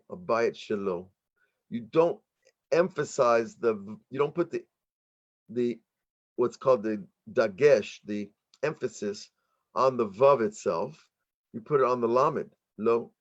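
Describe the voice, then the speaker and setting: An American man, a middle-aged rabbi, teaching an online workshop in an explanatory, halting way with frequent restarts. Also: mid-range voice, expressive, lo-fi sound. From United States.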